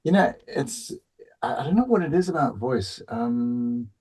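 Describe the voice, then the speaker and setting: A man's voice: mid-range voice, animated, measured pace, darkish tone, husky. A man guest on a podcast talking in a rambling, playful way, often restarting his thoughts. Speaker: voice actor guest. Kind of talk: casual podcast chat.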